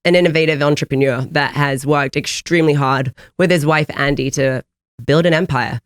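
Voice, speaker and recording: A woman's voice: deep voice, fairly even intonation, moderate pace, dry recording, studio quality. A woman with an English accent hosting a podcast, chatting in an upbeat, talkative way. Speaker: host. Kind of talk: casual podcast chat. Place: gym facility.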